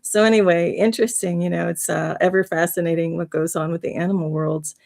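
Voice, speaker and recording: Gravelly earnest woman host. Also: on the low side, steady tone, brisk, a little mellow. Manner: earnest, heartfelt, rambling with restarts. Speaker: livestream host. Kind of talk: casual spiritual storytelling.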